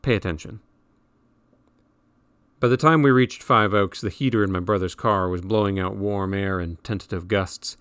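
A man reading a novel aloud in measured, wry audiobook narration. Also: deep voice, steady tone, a bit bright, clean tone, no room sound.

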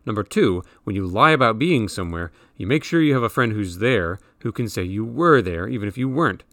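A man's voice: on the low side, expressive, brisk, fairly bright tone, no echo. A man voicing a worldly, lecturing teenage older brother who explains everything in a slightly raised, dry-recorded voice. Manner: bossy, explaining.

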